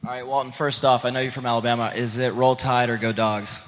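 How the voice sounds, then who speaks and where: A man's voice: medium pitch, level tone, fast, fairly bright tone, slight background noise. A man in the audience asking the panel an earnest, direct question. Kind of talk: fan question at a live panel. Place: theater with a live audience. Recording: long theater reverb.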